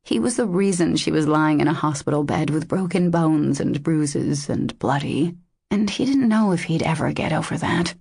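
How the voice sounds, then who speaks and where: A woman narrating a romance audiobook in a measured, intimate way. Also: low-pitched, lively intonation, vocal fry, a little mellow, slightly rough, dry recording, clean studio sound.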